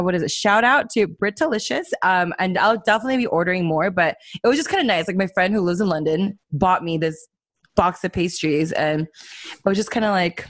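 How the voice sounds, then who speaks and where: Giggling and wandering off topic, a podcast co-host chats casually with lots of fillers. Her voice sits at medium pitch, and the audio has no room sound.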